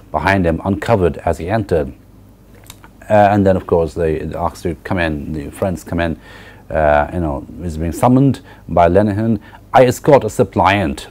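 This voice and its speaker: A male university lecturer reading passages from a novel aloud and pausing to explain them to students. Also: deep voice, dark tone. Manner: reads passages with frequent fillers and restarts, then explains.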